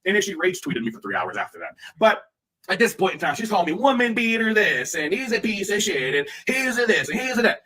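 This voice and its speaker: Man, high lively voice, husky bright tone, crude mocking rant. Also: brisk. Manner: crude, mocking, shouting bursts. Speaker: streamer. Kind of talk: ranting livestream commentary.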